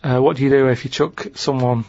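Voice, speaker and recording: A man's voice: medium pitch, fairly even intonation, vocal fry, darkish tone, no room sound. A man with a Manchester accent chatting casually on a comedy podcast, rambling and restarting his sentences. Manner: rambling, repeats himself, halting restarts. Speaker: regular guest, diary and quiz reader. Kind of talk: casual comic chat. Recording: muffled dry studio sound.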